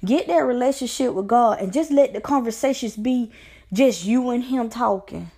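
Gravelly-voiced woman giving fervent encouragement. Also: on the high side, normal speed, warm tone. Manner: earnest, preacherly encouragement, repeating phrases. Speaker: life coach. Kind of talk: motivational faith talk to camera.

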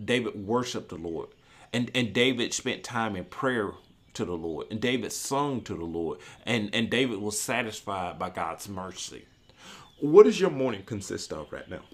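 A man who works at a church, preaching an earnest sermon and reading scripture slowly, often repeating key phrases. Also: on the low side.

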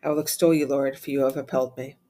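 Man of middle pitch leading prayer, steady measured reading with brisk quiet Latin responses. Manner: steady measured recitation, rattles off Latin refrains quickly and softly. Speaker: prayer leader. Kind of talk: reciting liturgical prayer.

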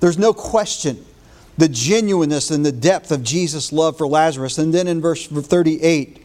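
A man's voice: fairly high pitch, normal speed, darkish tone. A man preaching a morning sermon as pastor, retelling a scripture story in an earnest way with small restarts.

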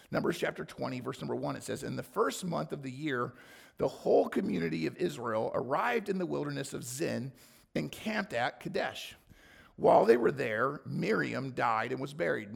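Hoarse gravelly preacher, a man. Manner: animated, acts out complaints with sudden loud high bursts. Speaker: pastor. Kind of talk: sermon.

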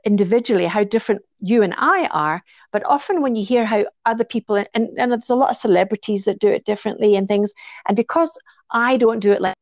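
A woman's voice: medium pitch, fast, no room sound. Reflective woman on a dull, dry recording. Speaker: podcast co-host. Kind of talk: casual chat.

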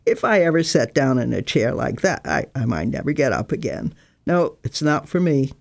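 A woman reading the lines of a blunt, weary young male curate in a brisk, clipped way. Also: very deep voice, big pitch swings, vocal fry, no echo, full character voice. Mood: wry.

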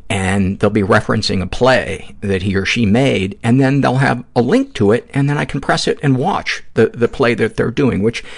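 A man hosting a podcast, thanking his guest and reading a sponsor ad in a relaxed way with many fillers. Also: on the low side, gravelly. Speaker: podcast host. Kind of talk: casual interview and ad read.

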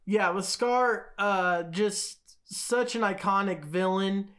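A woman's voice: medium pitch, slow pace, a bit bright. A woman co-hosting a podcast in casual chat, rambling and filling her sentences with "like" and "you know.". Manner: chatty, rambling, lots of fillers like "like" and "you know". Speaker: podcast co-host.

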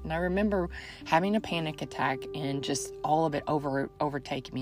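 Earnest woman talking over music. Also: deep voice. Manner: earnest, animated, repeats phrases for emphasis. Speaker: faith podcast host and author. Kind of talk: casual spoken reflection.

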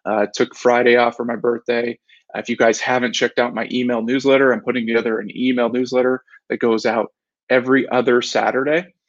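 A man's voice: mid-range voice, little pitch movement, fairly quick, dry recording, dull audio. A man in his thirties, a father and business owner, giving a casual, reflective devotional talk, rambling with restarts and self-corrections.

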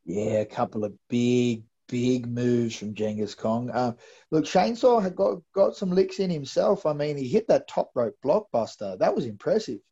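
This co-host of a wrestling recap show has a mid-range, slightly rough voice with a dark tone, and he talks animatedly at a moderate pace. He muses chattily, restarting with stammers, and the recording sounds a little dull and lo-fi.

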